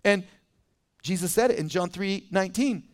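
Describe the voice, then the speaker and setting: A man's voice: high-pitched, normal speed. A man, a pastor, preaching a sermon in a loose conversational way and acting out the voices of people he quotes.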